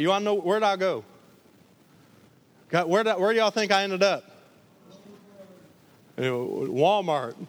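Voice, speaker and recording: Guy preaching, kinda high voice, acts out little voices, from detroit way. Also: fairly bright tone. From Detroit area. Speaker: pastor. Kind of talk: sermon.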